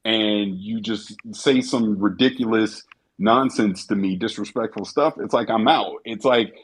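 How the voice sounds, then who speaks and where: A man on an audio call talking in an emphatic, animated way, telling stories and quoting others. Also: fairly low pitch, measured pace, slightly rough, poor audio. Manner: emphatic, animated storytelling with quoted voices. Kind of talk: casual chat.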